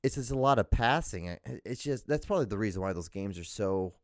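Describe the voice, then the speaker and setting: A man's voice: on the low side, lively intonation, brisk, no room sound, studio quality. A man hosting a solo podcast, rambling casually and profanely, drifting between tangents and laughing at himself. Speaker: podcast host.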